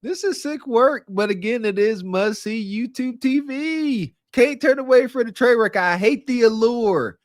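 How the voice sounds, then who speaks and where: A man's voice: very high voice, animated, unhurried, hardly any pauses, dry recording, studio quality. A man co-hosting a podcast, joking and mocking as he reacts to a video clip. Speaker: podcast co-host. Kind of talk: casual reaction commentary.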